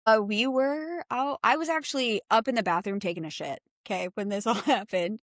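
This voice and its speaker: A woman's voice: a little high, brisk, no room sound, studio quality. Chatty, foul-mouthed woman podcast host. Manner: animated, profane, chatty. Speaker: podcast co-host, real estate agent. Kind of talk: casual podcast storytelling.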